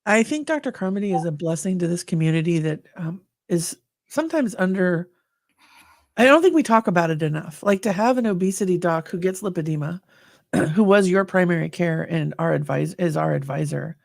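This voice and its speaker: A woman's voice: fairly low pitch, animated, brisk, gravelly, a little mellow, no room sound, studio quality. A woman co-hosting a candid podcast conversation, talking with effusive, emotional enthusiasm. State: slightly choked up. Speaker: podcast co-host.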